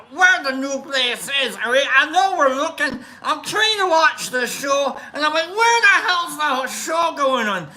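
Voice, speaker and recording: A high-sitting, bright and forceful voice belongs to a livestream host casually reading viewer comments and greeting them by name. He's playful and rambling, with many fillers and restarts. The rough recording carries a little hiss or hum.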